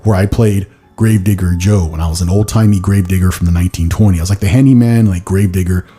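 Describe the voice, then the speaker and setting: Man hosting a chatty podcast, low voice. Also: steady tone, fast talker, dark tone, breathy edge, soft background music. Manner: rambling storyteller, heavy use of "like", slips into silly voices. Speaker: podcast host. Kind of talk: casual chat.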